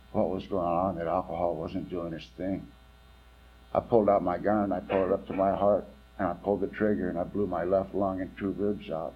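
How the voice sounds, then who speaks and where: A man's voice: low voice, phone-quality sound. Man sharing a blunt recovery story. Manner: blunt, storytelling, swings between quiet and loud. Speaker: recovery meeting speaker. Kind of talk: personal testimony talk.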